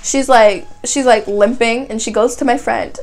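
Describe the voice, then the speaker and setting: Young Canadian woman vlogger, higher-pitched, chatty storytime delivery peppered with "like". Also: moderate pace, poor audio. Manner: animated retelling, heavy use of "like", voices other people's lines. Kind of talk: casual storytime vlog.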